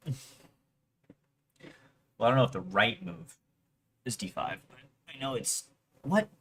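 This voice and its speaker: Here the streamer sounds medium-pitched and a touch slow, his bright, pushed voice carrying a breathy edge. He talks to himself in fragments during his workday stream and begs his online chess opponent aloud.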